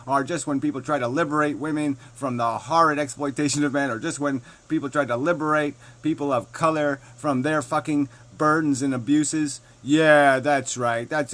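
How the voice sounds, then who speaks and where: A man's voice: fairly high pitch, a bit bright. A man ranting angrily at a critic in a video reply, sarcastic and mocking, swearing constantly. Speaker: video blogger answering a critic. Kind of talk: profane angry rant.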